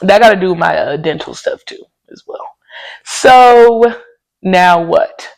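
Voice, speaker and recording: A woman's voice: fairly low pitch, lively intonation, a little slow, vocal fry, low-quality recording. A woman hosting a podcast, chatting candidly and casually to her listeners and sounding tired. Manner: candid, talks straight to listeners, often says y'all. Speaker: podcast host. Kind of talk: casual personal chat.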